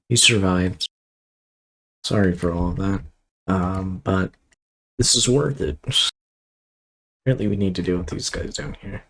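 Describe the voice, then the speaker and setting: A man's voice: deep voice, a little hiss or hum, poor audio. A man casually commenting on his strategy game as he plays, thinking aloud and rambling with fillers and asides. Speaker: gameplay commentator.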